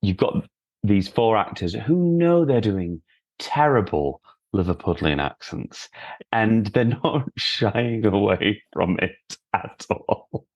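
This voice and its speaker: A man hosting a podcast in casual film chat, measured and thoughtful, sometimes trailing off. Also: lowish voice, lively intonation, a little mellow, dull audio. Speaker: podcast host.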